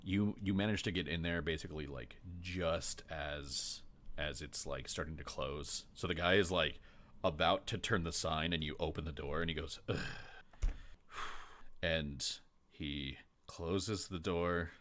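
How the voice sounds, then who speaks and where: A man narrates as game master of a tabletop game. His voice is very low. He rambles and halts, circling back as he describes scenes. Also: fairly bright tone. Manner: rambling, halting narration with many fillers.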